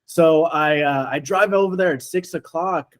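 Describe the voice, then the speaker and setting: A man with a somewhat high voice spins a story in easygoing conversation. He acts out each quoted line with lively energy, jumping between characters as he tells it. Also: moderate pace. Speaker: storyteller guest. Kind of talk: casual podcast chat.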